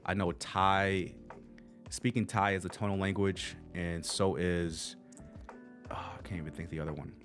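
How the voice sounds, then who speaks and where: A man with a very low voice and an American accent, hosting a laid-back livestream. He rambles and restarts his sentences as he chats directly to his viewers, with faint music playing behind him. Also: steady tone, measured pace, a bit bright. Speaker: channel host. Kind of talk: casual livestream tips.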